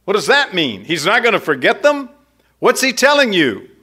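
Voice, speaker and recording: A man preaching an expository sermon, teaching in a slow, emphatic, conversational way with many rhetorical questions. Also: high-pitched, big pitch swings, sharp tone.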